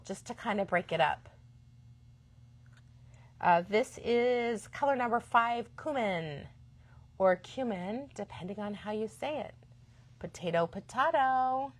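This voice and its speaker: A woman in her fifties hosting a live stream for a yarn shop, chatting casually and enthusiastically, sometimes dropping to a quiet aside. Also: mid-range voice. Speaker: shop host. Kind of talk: live-stream product chat.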